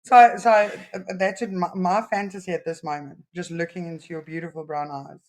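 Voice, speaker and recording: A woman's voice: on the low side, fairly even intonation, moderate pace, darkish tone. A woman co-hosting a podcast in casual chat, playful and teasing, laughing often. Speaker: podcast co-host.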